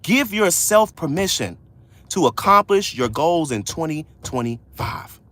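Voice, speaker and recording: A man coaching viewers on a livestream, loud, slangy and preachy, repeating key lines. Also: fairly high pitch, very animated, unhurried. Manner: casual slangy speech. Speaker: credit coach hosting a livestream. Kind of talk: motivational livestream talk.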